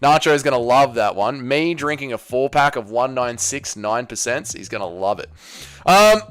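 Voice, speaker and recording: Young guy on a livestream reading chat out loud, swears a ton, smooth clear voice. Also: medium pitch, expressive, normal speed. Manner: crude, joking, swears a lot. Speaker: livestream host. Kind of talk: casual livestream chat, reading viewer messages aloud.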